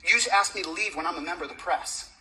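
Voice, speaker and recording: An agitated citizen journalist argues fast and demands answers, lecturing without letting up. The voice is sharp and bright and sits some way off the camera mic in an indoor public building, so it sounds distant. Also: mid-range voice. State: agitated, shaking. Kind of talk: heated confrontation. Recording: voice caught from a distance.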